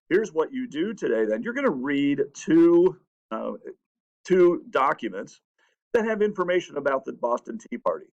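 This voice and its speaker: Male teacher, animated storyteller, acts out quotes, muffled recording. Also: medium pitch. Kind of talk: classroom history lesson. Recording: dull lo-fi sound.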